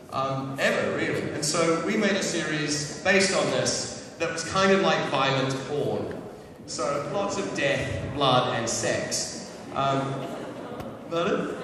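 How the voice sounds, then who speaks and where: A man telling playful, self-mocking stories about his acting work to a live audience, with many restarts. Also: fairly high pitch. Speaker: actor speaking to an audience. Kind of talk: casual anecdotes on stage. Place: large hall before an audience. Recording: echoey hall, far from the mic. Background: audience sounds.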